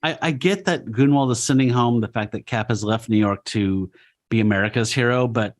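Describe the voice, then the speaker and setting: A man's voice: medium pitch, brisk. A man co-hosting a podcast, recapping a comic in a running play-by-play with wry asides. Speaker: podcast co-host. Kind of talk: casual comic-book podcast chat.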